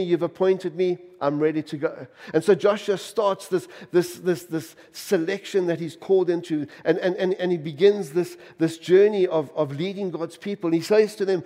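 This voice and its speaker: A middle-aged man preaching a sermon to his church, emphatic, firing off repeated rhetorical questions and swinging between loud and soft. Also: high-pitched. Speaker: pastor. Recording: long reverb of a church hall.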